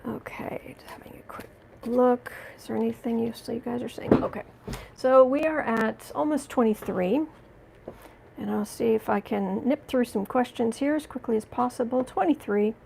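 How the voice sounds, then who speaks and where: Gravelly-voiced woman doing a heated tarot stream. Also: on the high side, normal speed, darkish tone, slight background noise, poor audio. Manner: heated, indignant, talks back to viewer comments; frequent restarts and apologies. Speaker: tarot reader and livestream host. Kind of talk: live-streamed chat and tarot reading.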